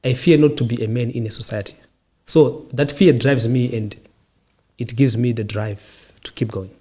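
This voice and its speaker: Podcast host, male, husky tone, calm and reflective answers in repeated short lines. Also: medium pitch, normal speed. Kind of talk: casual interview answers.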